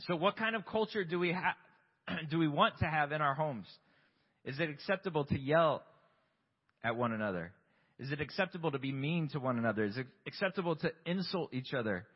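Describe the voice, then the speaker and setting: Husky-voiced man preaching in a reverberant hall. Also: a little high, big pitch swings, fairly quick. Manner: candid, self-deprecating, asks rhetorical questions. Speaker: pastor. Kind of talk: conversational sermon. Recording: long hall reverb, dull lo-fi sound.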